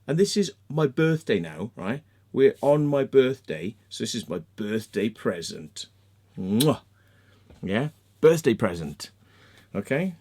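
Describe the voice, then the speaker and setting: A vlogger with a mid-range, dark-toned voice rants angrily at his viewers in a monologue, with big pitch swings, an unhurried pace, and hardly any pauses. He's heated, sarcastic, and mocking, swearing often and tacking "yeah?" or "right?" onto his points.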